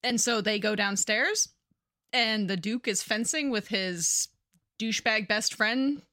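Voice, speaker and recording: Bright-voiced chatty woman podcaster. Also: mid-range voice, unhurried, no echo, clean studio sound. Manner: chatty, profane, animated storyteller. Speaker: podcast co-host. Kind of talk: casual chat recapping a book.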